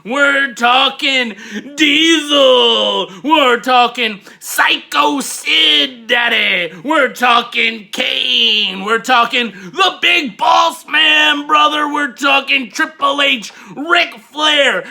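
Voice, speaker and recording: Man putting on a loud, boastful wrestling-promo persona; gravelly, high and bright, yelling "brother" constantly. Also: drawn-out words, heavily acted. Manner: shouty, calls everyone brother and daddy.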